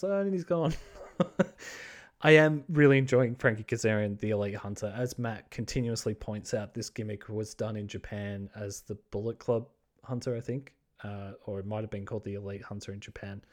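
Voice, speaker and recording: A man hosting a podcast alone, chatting casually and excitably about wrestling, with plenty of swearing, fillers and restarts. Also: medium pitch. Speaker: podcast host. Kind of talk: casual solo podcast chat.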